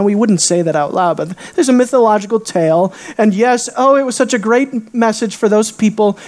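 A preacher in the middle of a sermon, firing rhetorical questions at the congregation. The delivery lurches from loud, raised emphasis down to hushed, low asides and back again. It is the voice of someone working the room from the pulpit. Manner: dramatic swings between loud high emphasis and quiet low asides.

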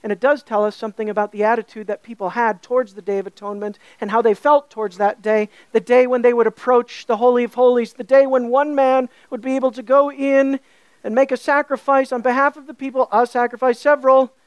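High-voiced woman preaching emphatically. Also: flat delivery, brisk, clear, resonant tone, dry recording. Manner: emphatic, rhetorical questions, building repetition. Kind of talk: sermon.

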